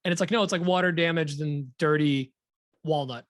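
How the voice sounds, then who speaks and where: A man co-hosting a podcast in casual chat, rambling and relaxed, with lots of fillers. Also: on the high side, brisk, no echo, clean studio sound. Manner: relaxed, rambling, laughs easily. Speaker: podcast co-host.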